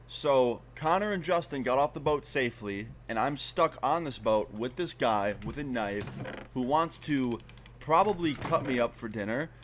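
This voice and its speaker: This is a young man spinning a tense personal story in an ordinary voice of middling pitch. He talks loosely, swears freely, and packs his sentences with "like" and "um". A faint hiss sits under his voice. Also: moderate pace. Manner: swearing, filler-heavy, animated retelling. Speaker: storyteller in a played video. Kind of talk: casual spoken storytelling.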